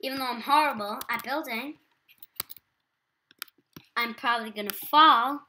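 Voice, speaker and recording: A teenage girl with an English accent, a gaming YouTuber, chats casually while playing a video game, talkative and self-deprecating. Her voice is on the high side, bright and forceful, and she speaks unhurriedly.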